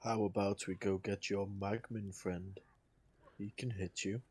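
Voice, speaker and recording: A man's voice: lowish voice, flat delivery, a little slow, darkish tone, slightly rough, no echo. A man playing a tabletop game, dry and level-headed. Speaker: player.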